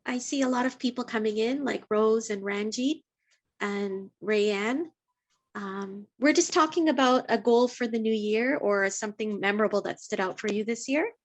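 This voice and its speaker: Higher-voiced woman inviting a group to talk. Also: normal speed. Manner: friendly, inviting. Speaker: group co-host. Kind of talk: hosting a video call discussion. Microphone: video call.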